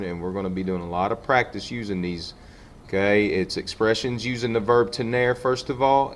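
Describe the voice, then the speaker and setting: A man teaching a Spanish lesson, patiently walking through examples and slowing down for each sample sentence. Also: fairly low pitch, a little hiss or hum. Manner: patient, repeats "okay" and slows down for example sentences. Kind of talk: classroom lesson explaining on a board.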